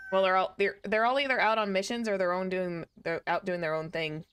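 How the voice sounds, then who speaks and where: A woman's voice: mid-range voice, steady tone, fairly quick, background noise. Chatty young woman streamer. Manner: rambling, chatty, lots of "like". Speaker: VTuber streamer. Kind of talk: casual gaming stream chat. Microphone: desk streaming mic.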